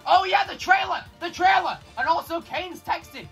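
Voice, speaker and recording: A young man reacting to a trailer on his channel, excitable, shouting and rattling on like a hyped-up fan. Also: very high voice, faint music behind. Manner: excitable, shouts and laughs, rapid fan chatter.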